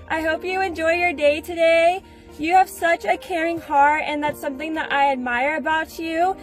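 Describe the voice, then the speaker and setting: A woman's voice: very high-pitched, steady tone, normal speed, soft background music. A woman giving a sweet, sincere birthday greeting. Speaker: church member sending a birthday message. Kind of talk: casual video greeting.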